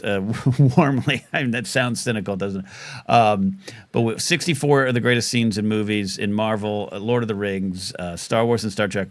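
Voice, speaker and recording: A man's voice: lowish voice, fairly bright tone, no echo. A man hosting a live call-in show, rambling and joking in a casual talk-radio manner, his throat catching now and then. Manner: rambling, joking, self-mocking. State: throat catching after choking on a chip.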